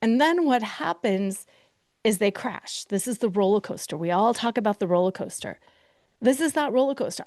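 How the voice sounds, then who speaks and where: A woman's voice: mid-range voice, moderate pace, dark tone, dry recording, studio quality. A middle-aged woman hosting a podcast as a betrayal recovery coach, talking expressively and acting out people's inner voices. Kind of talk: solo podcast monologue.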